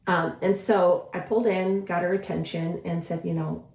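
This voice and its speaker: A woman co-hosting a casual chat show, telling a long story in an animated, chatty way and often quoting herself. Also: fairly low pitch, normal speed, creaky. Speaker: podcast co-host. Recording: roomy echo.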